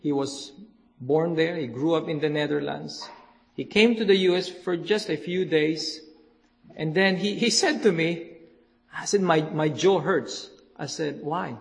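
Male preacher, slow and deliberate, repeats words for emphasis; sermon in a church hall. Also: on the high side, creaky. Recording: long hall reverb.

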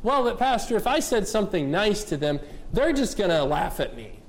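A man's voice: high voice, big pitch swings, moderate pace, voice pushed up, low-quality recording. A man voicing a defensive churchgoer who pleads an objection to the pastor. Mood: pleading.

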